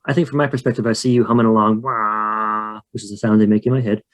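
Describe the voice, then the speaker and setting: A man's voice: medium pitch, steady tone, racing. Chatty man narrating a tabletop game. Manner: chatty, joking, rambling. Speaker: podcast co-host and player. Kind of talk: casual tabletop role-play narration.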